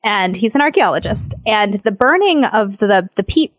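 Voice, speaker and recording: A woman's voice: mid-range voice, expressive, moderate pace, no echo. A woman co-hosting a podcast, chatty and explaining at length, laughing easily. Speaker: podcast co-host. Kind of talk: casual chat.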